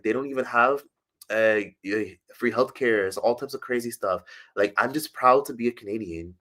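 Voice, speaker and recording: A man's voice: lowish voice, a bit bright. A man chatting casually on a livestream, reading comments and rambling with loose, profane talk. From United States.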